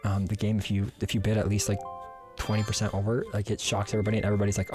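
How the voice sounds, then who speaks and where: A man with a mid-range voice talks fast while streaming a video game live, faint music behind him. His gameplay commentary is playful and jokey, and he often stammers and repeats words.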